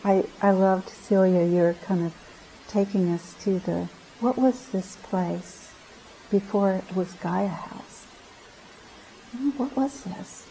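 A woman meditation teacher giving a gentle, reflective dharma talk at a retreat center, often pausing and restarting her phrases. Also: mid-range voice, steady tone, slight background noise, poor audio.

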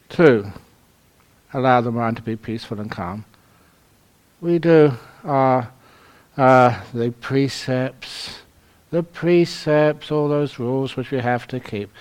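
Meditation teacher, London-born man: slow, warm-humored storyteller, mid-pitched. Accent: London English. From London, England. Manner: humorous storytelling, chuckles at his own jokes. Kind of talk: retreat dharma talk.

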